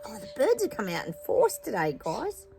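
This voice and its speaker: A woman's voice: mid-range voice, huge pitch swings, moderate pace, creaky, darkish tone, low-quality recording. Chatty woman with music behind. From New Zealand. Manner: chatty, rambling, lots of fillers and asides to viewers. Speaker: psychic channel host. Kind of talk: casual spoken predictions to viewers.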